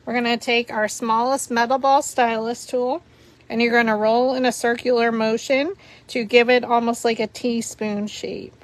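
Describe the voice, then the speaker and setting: Hosting a paper flower tutorial live, a woman talks through every step while she works, chatting and giggling with her viewers. Her voice is fairly high, her tone level, and her pace moderate.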